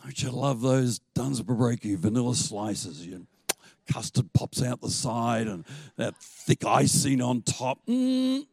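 A man preaching a sermon as pastor. He tells stories in an animated way and laughs now and then. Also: medium pitch, no room sound.

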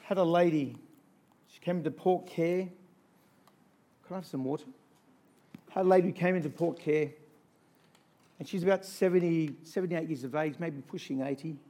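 A man delivering a sermon in a fairly high voice. He swings between hushed, intimate storytelling and loud, rousing calls to the congregation, with emphatic, repeated phrases. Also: normal speed, pauses often. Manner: emphatic, repetitive lists. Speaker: pastor.

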